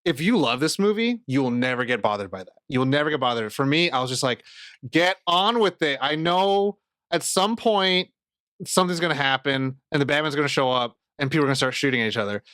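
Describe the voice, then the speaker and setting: A man's voice: mid-range voice, expressive, fast, a bit bright, clean tone, no echo, clean studio sound. A man co-hosting a podcast in casual chat, rambling and swearing as he acts out scenes in quoted voices. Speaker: podcast co-host.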